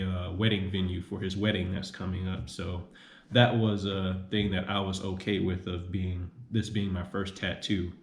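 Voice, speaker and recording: Lowish-voiced young man rambling in an echoey room. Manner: rambling, repeats himself, many "um"s. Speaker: vlogger. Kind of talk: casual vlog monologue.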